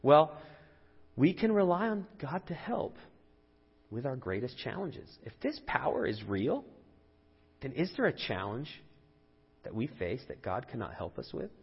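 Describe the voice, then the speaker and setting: A man's voice: medium pitch, very animated, measured pace, long pauses, husky. Earnest male pastor in reverberant hall. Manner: earnest, conversational storytelling with rising emphasis. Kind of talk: sermon. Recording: dull lo-fi audio with long hall reverb.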